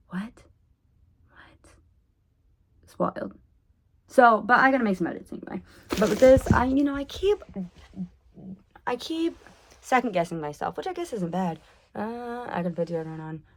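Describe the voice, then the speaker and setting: At home, a woman with a fairly low voice rambles through a casual vlog monologue, oversharing and hopping between topics with sudden loud outbursts.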